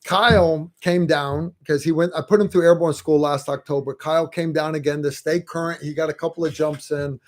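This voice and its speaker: A man hosting a livestream, chatting in a relaxed, rambling way. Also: a little high, brisk, hardly any pauses, slight background noise. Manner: relaxed, rambling, many fillers. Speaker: host. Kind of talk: casual livestream chat.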